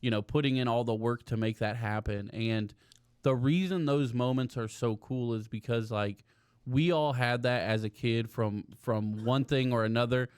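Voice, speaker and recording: Midwestern male co-host, reflective and agreeable, smooth tone. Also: mid-range voice, moderate pace, darkish tone, dry recording, clean studio sound. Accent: Midwestern American. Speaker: podcast co-host. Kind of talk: casual chat.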